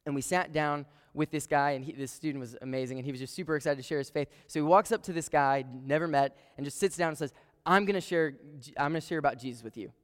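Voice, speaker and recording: A man preaching to a student group, his voice clear and resonant as it rings through a large hall with a long reverb. He tells stories animatedly, dropping to a hush and then surging loud, and sits a little high in pitch for a man. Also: quick pace. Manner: storytelling with sudden swings between hushed and loud. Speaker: campus ministry speaker.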